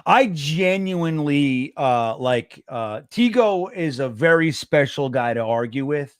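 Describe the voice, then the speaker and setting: A middle-aged man, co-hosting a casual sports podcast, animated and swearing, acting out quotes in a raised voice. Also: a little high, measured pace, no echo, clean studio sound. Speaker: co-host.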